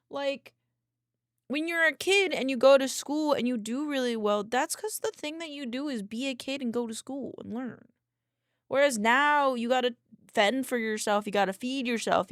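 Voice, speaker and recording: A young woman with a fairly high voice streams live, chatting, rambling and giggling as she works on a design, greeting viewers by name and muttering to herself. She is English-speaking, and the recording is dry with a clean studio sound.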